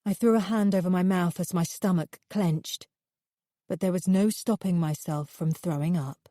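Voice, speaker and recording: Low, dark-voiced woman narrating a thriller. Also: fairly even intonation, moderate pace, no echo, clean studio sound. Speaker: audiobook narrator. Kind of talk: first-person thriller narration.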